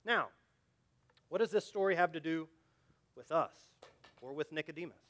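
High-voiced preacher, loud then hushed. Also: male voice, lively intonation, moderate pace. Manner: swings from loud urgent emphasis to quiet low asides; earnest, direct appeals to listeners. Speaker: pastor. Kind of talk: sermon.

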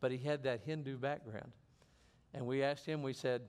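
Earnest middle-aged preacher, medium voice. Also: male voice, medium pitch, level tone, normal speed, darkish tone, smooth. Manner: earnest, repeats and restarts phrases. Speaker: pastor. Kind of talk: sermon.

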